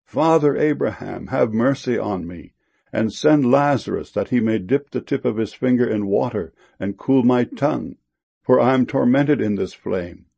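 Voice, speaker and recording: A man's voice: medium pitch, normal speed, gravelly, warm tone, husky, muffled recording. A man reading the words of a tormented rich man begging for mercy, in archaic speech.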